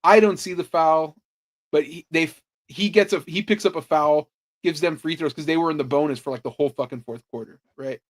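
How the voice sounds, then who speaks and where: Dude rambling on a podcast, says like constantly, swears, a bit high pitched. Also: male voice, a little fast. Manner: animated storytelling, swears freely, lots of "like" fillers. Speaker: podcast host. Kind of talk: casual chat.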